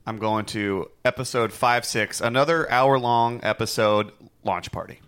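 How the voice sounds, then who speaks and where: A man co-hosting a podcast in casual chat, giving brief reactions and relaxed explanations. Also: mid-range voice, a little slow, clean tone. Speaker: podcast co-host.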